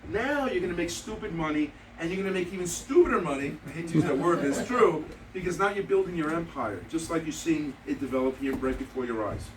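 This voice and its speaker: He's an insurance-agent trainer whose slightly high, expressive voice moves at a quick pace with few pauses. He gives trainees an emphatic motivational talk, repeating key points and acting out stories with quoted dialogue. It's a noisy, echoey meeting room with a live audience, captured by a distant mic.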